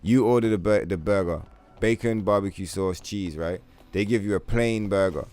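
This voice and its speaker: Deep-voiced profane male streamer. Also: normal speed, darkish tone. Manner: profane, rambling, laughing. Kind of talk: casual gaming livestream chat.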